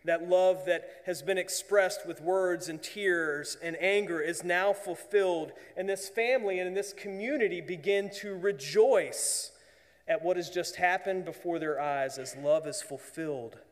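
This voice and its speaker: A man preaching a sermon as pastor, earnest, often dropping to a hushed voice for emphasis. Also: high-pitched, a little slow, long reverb tail.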